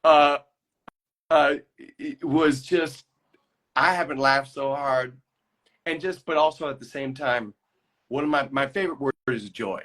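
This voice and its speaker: A man's voice: mid-range voice, unhurried, long pauses, fairly bright tone. A man, an actor, chatting casually as a guest on a live phone call, telling stories in a rambling way with many restarts.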